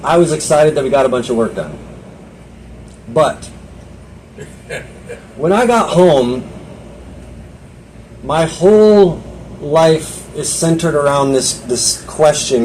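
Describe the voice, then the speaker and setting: A man's voice: fairly high pitch, expressive, slow pace, pauses often, darkish tone, a little hiss or hum, low-quality recording. A young man giving a personal testimony at a Bible study, talking earnestly in a loose conversational way, often restarting and voicing his own inner thoughts.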